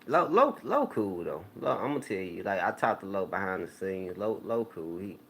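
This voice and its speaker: A man hosting his own YouTube channel, telling stories to viewers in a relaxed, rambling way with plenty of slang. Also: low-pitched, normal speed, creaky, a little hiss or hum. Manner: laid-back, rambling storytelling with slang. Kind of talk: casual talk to viewers.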